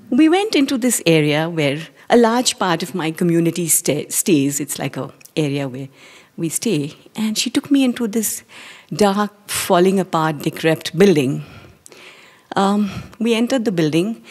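Indian woman, forties, breathy voice, live stage storyteller, measured and hesitant. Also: lowish voice, a little mellow. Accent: Indian English. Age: 40s. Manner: measured and hesitant, dropping to near-whispers.

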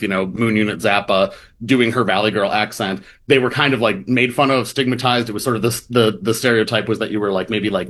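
A man's voice: medium pitch, fairly bright tone. Male reporter guest, mid-range voice, loose and chatty, restarts often. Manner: rambling, restarts, acts out quoted voices. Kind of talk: casual interview chat.

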